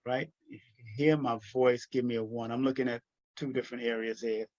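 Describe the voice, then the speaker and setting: A man's voice: medium pitch, steady tone, brisk, a little mellow, dull audio. A man hosting a casual livestream, laid-back and repetitive, chuckling as he checks whether viewers can hear him. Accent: New York. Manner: laid-back, repeats phrases, chuckles often. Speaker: livestream host. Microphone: webcam or laptop mic on a video call.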